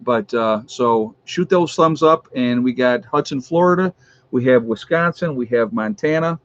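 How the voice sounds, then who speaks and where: A man's voice: medium pitch, measured pace, highs cut off. A man from New York State hosting his own channel's livestream, chatting casually and with amusement as he reads out viewers' locations and teases trolls. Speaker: YouTube channel host.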